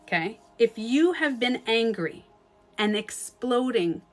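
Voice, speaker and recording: A woman's voice: on the high side, lively intonation, takes it slowly, soft background music. A woman coaching viewers in a casual livestream talk, frank and emphatic, swearing freely and acting out inner thoughts as quoted asides. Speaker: beauty and relationship coach.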